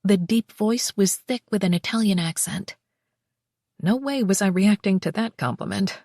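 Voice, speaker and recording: A woman narrating a first-person romance audiobook in an expressive, wry way on a close mic. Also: medium pitch, moderate pace, no room sound.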